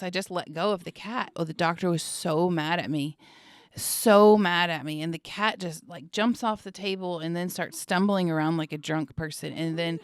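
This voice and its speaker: Low-voiced woman guest, lively anecdote teller, dry studio mic. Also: no room sound. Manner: animated, laughing through a funny story. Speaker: missionary guest. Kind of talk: storytelling in an interview.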